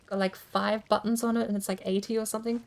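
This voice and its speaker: A woman's voice: mid-range voice, little pitch movement, quick pace, gravelly. A woman streamer chatting casually as she plays, thinking aloud and over-enunciating every word. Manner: chatty, thinks aloud while fiddling with settings. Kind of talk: casual game-stream chat.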